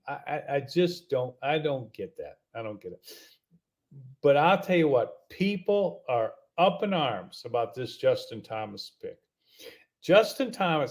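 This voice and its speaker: A man's voice: mid-range voice, animated. Exasperated man ranting on a podcast. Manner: exasperated, incredulous, repeats himself; halting, many fillers and restarts. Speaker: podcast host. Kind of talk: casual opinion rant.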